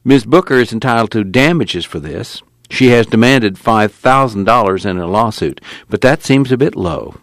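Man doing a stern blunt judge, very deep voice, pushy and forceful, dry recording. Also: lively intonation, normal speed, hardly any pauses, dry recording. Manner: stern and forceful, pressing hard. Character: blunt impatient older male trial judge.

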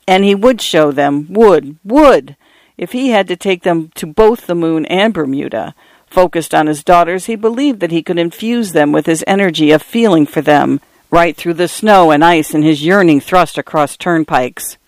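A man narrating literary fiction in a measured, wry storytelling delivery. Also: fairly high pitch, no room sound. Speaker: audiobook narrator.

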